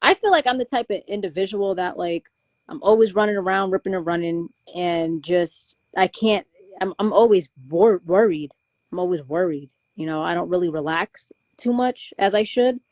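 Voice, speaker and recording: A woman's voice: fairly low pitch, moderate pace, dry recording, muffled recording. A young woman talking candidly in casual conversation, rambling with many restarts and fillers. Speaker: guest.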